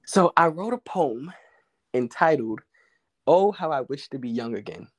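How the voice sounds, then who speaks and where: A man, a guest poet, telling a story in a relaxed, candid way with slang and the odd swear word. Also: on the high side, a little slow. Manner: relaxed, candid, uses street slang and profanity. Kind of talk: casual conversational storytelling.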